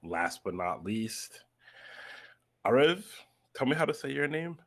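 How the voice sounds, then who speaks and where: A man hosting a casual podcast over a video call. His voice is on the low side, and he keeps things laid-back and joking as he guides the conversation. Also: sing-song, normal speed, a bit bright. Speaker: podcast host.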